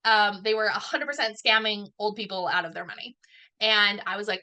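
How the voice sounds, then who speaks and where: A woman's voice: medium pitch, expressive, moderate pace, sharp tone. A woman in her thirties giving a chatty, self-deprecating talk as a guest speaker, acting out the lines of people she quotes. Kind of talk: casual talk at an online event.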